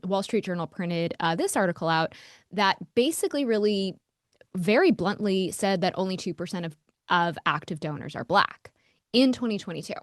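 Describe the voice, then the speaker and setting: A woman's voice: lowish voice, no echo, studio quality. Candid, fired-up woman podcast host. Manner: heated, frank, swears, lots of "like". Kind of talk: casual monologue.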